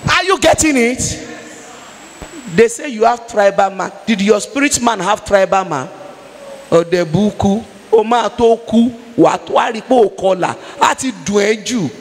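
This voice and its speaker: A woman's voice: mid-range voice, normal speed, long reverb tail. A woman evangelist with a Nigerian accent, preaching a sermon emphatically and building into fervent prayer.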